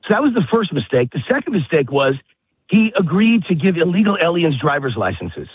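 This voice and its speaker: A man's voice: a little high, big pitch swings, fairly quick, slightly rough, dry recording. A man walking his dog while calling in, out of breath, ranting emphatically and repeating himself. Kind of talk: political talk radio rant. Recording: tinny phone-line audio.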